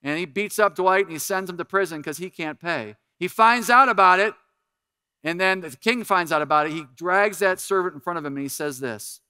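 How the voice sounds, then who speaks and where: Bright, crisp-voiced male pastor preaching. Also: sits high, a little fast, dry recording, clean studio sound. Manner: animated preaching, dropping to soft earnest appeals. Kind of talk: sermon.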